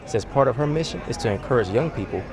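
A male reporter reading a quick, scripted field piece in a mid-pitched voice. A loud crowd murmurs behind him. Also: expressive. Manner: brisk, scripted narration.

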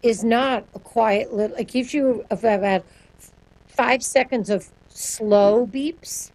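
A woman speaking as a sonic branding guest in an interview, answering in a quick, animated way and laughing often. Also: on the high side, poor audio.

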